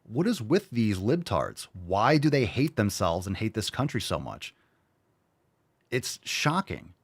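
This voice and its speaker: A male host tearing into clips in a blunt, profane, mocking rant. His voice sits fairly low, and the sound is close and dry with no room echo. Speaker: host reacting to videos. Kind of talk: ranting reaction commentary.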